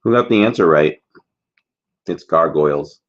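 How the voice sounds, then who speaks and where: A man's voice: a bass voice, lively intonation, unhurried, dull audio. A man hosting a casual trivia livestream, chatty and jokey, rambling between questions.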